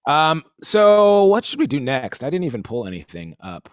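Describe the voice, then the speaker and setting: A man's voice: on the high side, wildly swooping pitch, normal speed, no room sound, clean studio sound. A man giving a casual live-streamed drum lesson, rambling and easygoing, with lots of fillers. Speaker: drum teacher.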